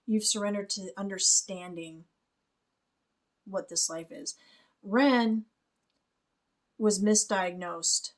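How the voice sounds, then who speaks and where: A woman's voice: mid-range voice, slow pace, pauses often. A woman, a spiritual reader, talking through a music video and explaining it, often checking in with "okay?" and laughing lightly. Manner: explains softly, adds "okay?" and small laughs. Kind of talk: reaction commentary.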